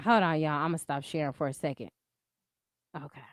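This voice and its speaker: A woman's voice: low-pitched, fairly quick, dry recording, studio quality. A woman hosting a livestream, ranting in a profane, combative way and answering her chat in casual speech. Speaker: livestream host. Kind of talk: heated casual commentary.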